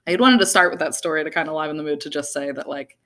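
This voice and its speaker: A young woman tells a personal story from the stage, her voice sitting a little low. She is animated, laughs often and fills her talk with "like.". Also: very fast. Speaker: speaker.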